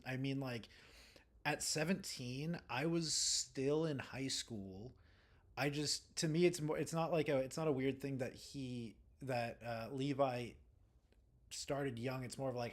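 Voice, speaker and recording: A young man streaming from home, talking in a loose, rambling way with plenty of "um"s and false starts. His voice sits at an ordinary mid pitch. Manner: rambling and relaxed, many fillers and restarts. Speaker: livestreamer. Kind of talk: casual chat reading live comments.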